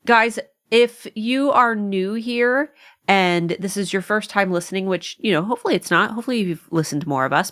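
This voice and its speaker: A woman hosting a podcast, talking casually in an animated, rambling way with frequent laughs. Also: medium pitch. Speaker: podcast host. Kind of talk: casual chat.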